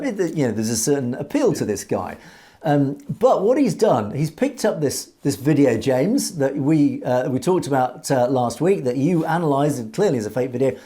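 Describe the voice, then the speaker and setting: A man commentating on a video in measured, earnest political commentary, with light hesitations. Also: medium pitch, warm tone. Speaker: online news commentator.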